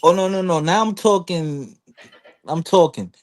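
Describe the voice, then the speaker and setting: A man's voice: sits high, unhurried. A man on a casual podcast panel, rambling through long explanations and slipping into quoted voices. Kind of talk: casual chat.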